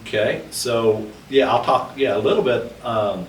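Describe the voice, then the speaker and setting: A man's voice: mid-range voice, a little slow. A man talking through Old West history in a casual discussion, with many fillers and restarts. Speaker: podcast co-host, history researcher. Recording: roomy, distant mic with faint noise.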